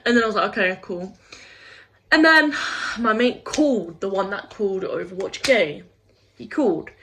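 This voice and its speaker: A young woman rants casually in a vlog, frustrated and rambling, swearing often and saying "like" constantly. Her mid-range voice is animated and fairly bright at a moderate pace. The recording is low quality, with a little hiss or hum.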